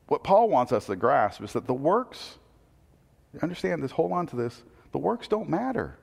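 A man's voice: on the high side, very animated, moderate pace, gravelly, in a large hall. A man preaching a sermon earnestly, often repeating a word as he starts a thought. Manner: earnest, repeats words when starting sentences. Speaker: pastor.

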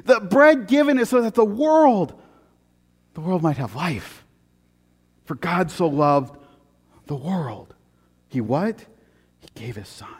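A man preaching a sermon in an animated, joking way, swinging from loud punchy lines to very quiet ones. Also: high-pitched, takes it slowly, long pauses, husky, long reverb tail. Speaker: pastor.

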